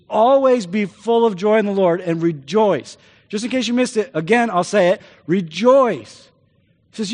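A man preaching a sermon, telling stories animatedly and slipping into quick put-on voices. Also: high-pitched. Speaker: pastor. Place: church. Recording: church hall reverb.

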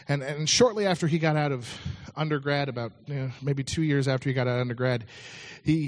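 Man preaching in a conversational style. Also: fairly high pitch. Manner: conversational, frequent restarts. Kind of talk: storytelling sermon.

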